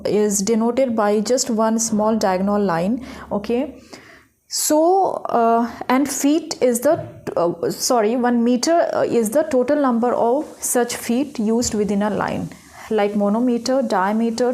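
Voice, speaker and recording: A young woman who teaches English literature gives a recorded lecture, walking through ideas step by step and checking in with "okay?" and "right?". Her voice is slightly high with a somewhat dark tone.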